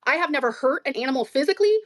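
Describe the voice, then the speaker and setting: Fast-talking defensive young woman, high voice. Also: animated, no room sound, studio quality. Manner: defensive, profane, rapid. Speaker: livestream guest. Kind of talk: heated livestream argument.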